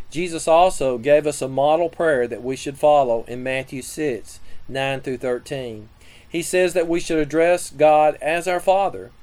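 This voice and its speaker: A man giving a scripted sermon teaching on prayer, reading scripture and listing numbered points in a measured way. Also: fairly high pitch, darkish tone, rough recording. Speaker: preacher.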